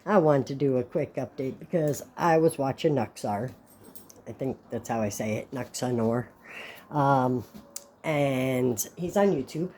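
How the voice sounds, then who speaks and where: A woman's voice: low voice, warm tone. A woman hosting her own channel, giving blunt, opinionated commentary in a casual vlog. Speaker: channel host.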